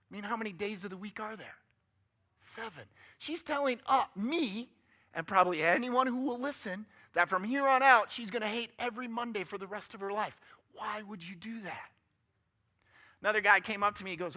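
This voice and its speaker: Upbeat high-voiced man speaking in church. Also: brisk, bright, forceful tone. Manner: upbeat, joking, asks the audience questions. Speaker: guest speaker. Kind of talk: motivational church talk. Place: church sanctuary.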